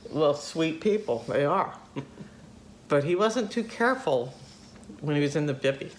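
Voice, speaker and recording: Hosting a casual chat, an older woman speaks in a low, animated voice at a measured pace. There's slight background noise as she chatters, laughs a lot and does voices while telling stories.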